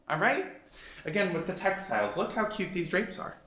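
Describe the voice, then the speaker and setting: A man's voice: high-pitched, big pitch swings, moderate pace, bright, forceful tone. A man hosting a casual house-tour vlog, talking straight to viewers in an emphatic, sassy way as he walks through the rooms of a house. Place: rooms of an emptyish house, indoors. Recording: roomy echoey rooms.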